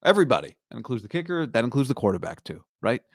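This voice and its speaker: A male sports talk host riffs through a casual commentary monologue, hammering points home with repeated phrases. His voice sits at an ordinary middle pitch. The sound is dry and close, with no room around it. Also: sing-song, rapid-fire, no echo. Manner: emphatic, repeats lines for punch.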